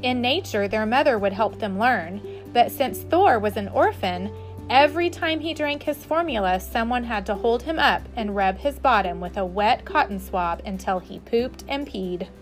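A woman teacher reading a children's book aloud with expressive delivery. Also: on the high side, normal speed, soft background music. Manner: warm, expressive.

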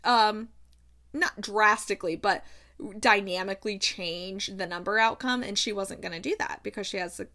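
A woman's voice: mid-range voice, moderate pace. A woman book vlogger giving a casual, chatty recap of a novel's plot. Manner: chatty, animated storytelling.

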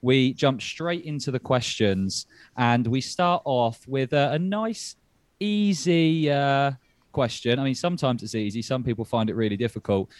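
A man's voice: medium pitch, moderate pace, no room sound. Male podcast host, dry close sound, jokey and rambling. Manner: chatty, jokey, rambling with restarts. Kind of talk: casual podcast chat.

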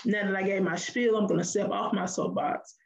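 Animated woman podcaster in an echoey room. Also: medium pitch, brisk, creaky. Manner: animated, preachy, laughs often, mimics voices in stories. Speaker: podcast co-host. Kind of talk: casual podcast chat.

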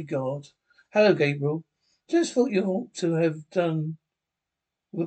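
Man acting as a fussy angel, nervous, stammering, overly polite, slightly high voice, TV drama. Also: a little mellow, close to an everyday voice.

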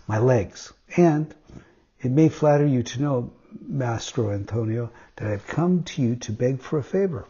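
A man's voice: mid-range voice, lively intonation, a little slow, dark tone, breathy edge. A man reading a storybook aloud, voicing a testy little old male woodcarver in a quarrelsome, pleading way. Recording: dull lo-fi sound.

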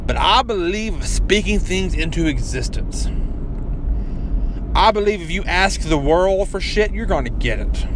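A man's voice: high-pitched, bright, forceful tone, slight background noise. A man hosting a podcast, giving an emphatic, swear-filled motivational rant and leaning on "like" again and again. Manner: emphatic, swears constantly, repeats "like". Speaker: podcast host.

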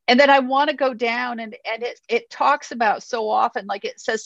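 Earnest woman preaching, bright pitch. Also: fairly even intonation, fairly quick, hardly any pauses, no echo. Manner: earnest, encouraging, frequent "okay?" check-ins. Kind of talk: sermon with scripture reading. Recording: slightly muffled, dry.

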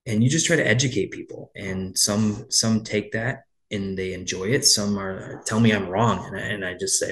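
A man's voice: on the low side, fairly even intonation, moderate pace, a bit bright. A man who owns a landscaping business, telling stories in a casual interview, with lots of restarts and quoted back-and-forth. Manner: rambling, frequent restarts, storytelling with quoted dialogue.

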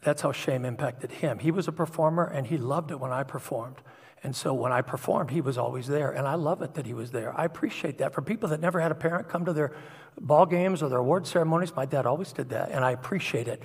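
A man's voice: fairly high pitch, quick pace, vocal fry, breathy edge. A middle-aged man preaching a sermon, telling personal stories in an earnest, confessional way. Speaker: pastor. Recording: long hall reverb.

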